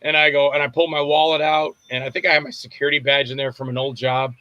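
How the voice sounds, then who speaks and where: A man's voice: medium pitch, level tone, fast, sharp tone, dry recording, highs cut off. An older man from Florida, a guest actor and filmmaker, telling rambling stories in a casual interview and acting out what others said. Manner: rambling storyteller acting out quotes.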